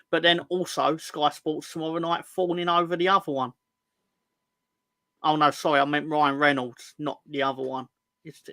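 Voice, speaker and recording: A man's voice: a little high, bright, forceful tone, no echo. A man co-hosting a casual football fan chat, full of sarcastic, sweary banter. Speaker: podcast co-host.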